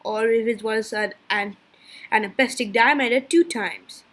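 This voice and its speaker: A woman giving a class presentation from slides, halting and stumbling over technical terms. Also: fairly high pitch, fairly bright tone. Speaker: student presenter.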